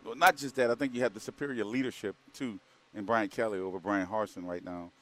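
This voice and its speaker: A man's voice: on the low side, steady tone, fast talker, a bit bright, slight background noise. A man co-hosting a sports radio show, rambling casually, repeating words and leaning on fillers. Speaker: co-host.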